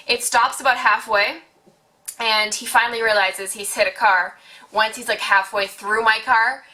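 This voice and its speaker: Bright-voiced chatty teen woman. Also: a little high, moderate pace. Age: late teens. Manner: chatty, heavy use of "like", animated retelling. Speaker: vlogger. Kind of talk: casual storytime vlog.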